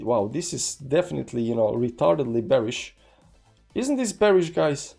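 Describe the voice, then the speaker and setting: With soft background music, a man speaks at normal speed in a warm, husky, mid-range voice marked by vocal fry and big swings in pitch. He hosts a casual crypto trading livestream in non-native accented English, drifting through charts and reading chat aloud with many fillers.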